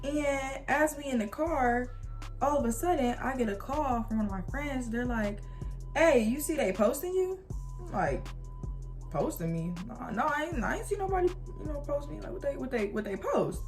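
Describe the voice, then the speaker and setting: Young woman vlogger, lively slangy storyteller, faint music under. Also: sits high, normal speed. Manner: animated, slangy storytelling with quoted dialogue and laughs. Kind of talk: casual storytime.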